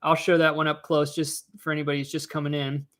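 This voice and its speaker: A man's voice: on the high side, completely flat delivery, fast talker, a bit bright. Stammering, joking male live streamer. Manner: stammering, repeats words, joking. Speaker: coin roll hunting live streamer. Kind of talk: casual live stream recap.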